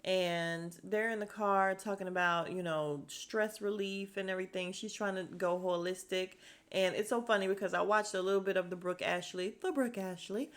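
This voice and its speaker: Woman podcast host, chatty gossip recap with animated quoting. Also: moderate pace. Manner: animated storytelling, acts out quotes with pitch jumps. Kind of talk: casual chat. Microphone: podcast mic.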